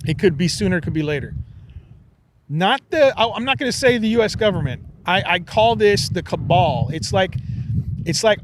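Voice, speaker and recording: A man with a fairly high voice chats on a podcast and spins a wild story with animated energy. He talks quickly in bursts and drops low for effect. A faint hiss sits under the recording. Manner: animated storyteller, excitable, swears casually. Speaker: podcast host. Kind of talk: casual chat.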